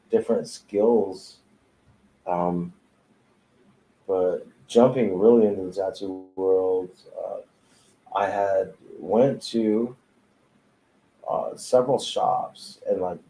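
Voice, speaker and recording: A man's voice: deep voice, creaky, dark tone, slight background noise, rough recording. Profane, laid-back man telling tattoo stories. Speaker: tattoo artist guest. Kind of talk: casual storytelling chat. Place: tattoo studio.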